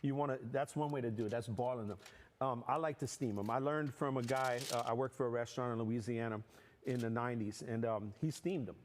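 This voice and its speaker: A middle-aged man, a guest cook, explaining his cooking step by step in a relaxed, rambling way. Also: mid-range voice, a little fast, a little hiss or hum. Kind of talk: casual explanation.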